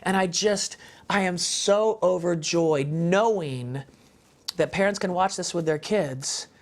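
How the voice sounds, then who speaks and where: A high-pitched man takes his time recounting a passionate faith testimony as a parenting show guest. He speaks in an emphatic, conversational way, with fillers, restarts, and phrases repeated for emphasis.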